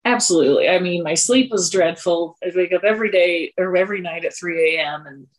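A fairly low, fairly quick voice belongs to a woman in her forties from Colorado. As a podcast guest in a candid personal interview, she's earnest and confessional, often sighing or laughing at her own expense.

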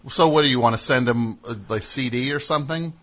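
A man's voice: medium pitch, fairly quick, a crowd in the background. A man hosting a comedy call-in radio show, asking a caller questions in a dry, bemused way. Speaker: radio host.

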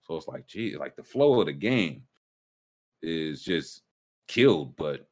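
Guy hosting a sports podcast, voice swings all over, big emphatic rants. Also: takes it slowly. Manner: animated, emphatic ranting with rising pitch jumps. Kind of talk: casual sports talk.

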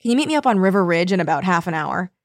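Lively woman co-host who reads passages and acts out lines, dry studio sound. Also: on the low side, rapid-fire, no echo. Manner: animated, laughing, acts out characters' lines. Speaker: podcast co-host. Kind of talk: casual chat reading and recapping a horror novel.

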